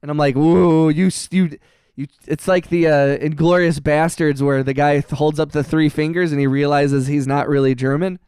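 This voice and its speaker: A man hosting a music production livestream, chatting casually in an upbeat, rambling way, giving quick shout-outs and restarting his sentences. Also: a little high, steady tone, clean tone, no room sound, clean studio sound. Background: his own beat playing.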